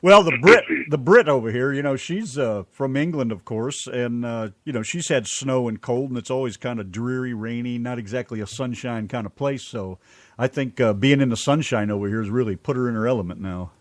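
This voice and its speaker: A man's voice: medium pitch, fairly quick, dry recording. A man hosting a radio interview show, enthusiastic and folksy in casual chat.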